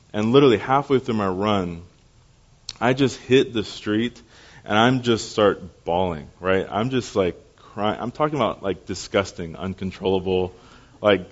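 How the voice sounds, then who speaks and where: A young man preaches with a fairly low voice, acting out the voices of people in his stories. The recording sounds dull and muffled, like a modest church audio capture. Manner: animated storyteller, acting out voices. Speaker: pastor. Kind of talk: storytelling sermon. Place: church service.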